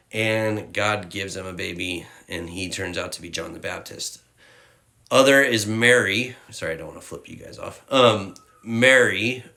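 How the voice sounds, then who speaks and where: A man's voice: on the low side, sharp tone. A man giving a casual, candid devotional talk as a youth ministry leader, rambling with slang and fillers, tearful at times.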